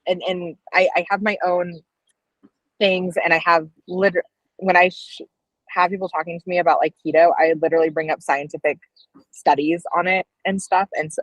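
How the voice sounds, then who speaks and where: This co-host of a laid-back live stream speaks in a lowish, level voice at a moderate pace. A dietetics student, she rambles through chatty stories full of fillers, saying "like" often and restarting sentences. The audio is dry and poor.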